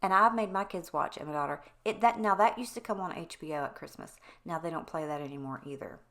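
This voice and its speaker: Lower-voiced woman, chatty tangential vlog talk. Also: fast, fairly bright tone. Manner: rambling, wanders off on tangents; candid and conversational, addresses viewers directly. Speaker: home cleaning vlogger. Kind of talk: casual chatty voice-over.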